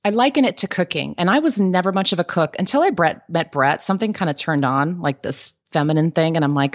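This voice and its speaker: A woman guest giving candid business advice in a podcast interview, telling lively stories with lots of "like" and "um". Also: low voice, fairly quick, hardly any pauses, dull audio. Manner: candid, lively storytelling with frequent "like" and "um".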